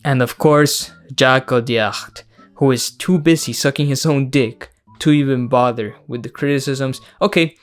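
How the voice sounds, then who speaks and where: A man's voice: medium pitch, fairly even intonation, normal speed, soft background music. Blunt profane man ranting. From Mexico. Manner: blunt, profane, mocking, laughs often. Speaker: YouTube host. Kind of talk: casual film review rant.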